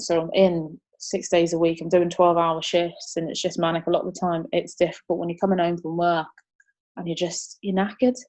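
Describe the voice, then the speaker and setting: A young woman, chatting as an interview guest, upbeat and quick to laugh. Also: lowish voice, a little mellow. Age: 20s. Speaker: martial arts competitor, interview guest. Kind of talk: casual interview chat.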